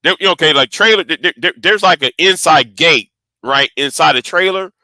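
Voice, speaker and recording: A man's voice: fairly high pitch, moderate pace, sharp tone, no room sound. A man telling a story casually to camera, rambling, swearing freely and often stumbling and repeating words. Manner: rambling, profane, stammering repeats. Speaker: vlogger.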